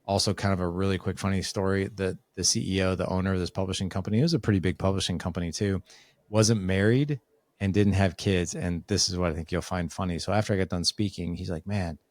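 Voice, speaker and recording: With a deep voice and a fast delivery, a man tells a casual story as a guest on a podcast, with no echo in the recording. He brings it to life by acting out what the people in it said.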